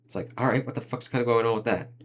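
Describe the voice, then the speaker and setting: A man giving a casual, loose review of an anime season, swearing freely and leaning on fillers like "like" and "uh", with quick impressions of the characters he talks about. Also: mid-range voice. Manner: rambling, profane, heavy on fillers like "like" and "uh".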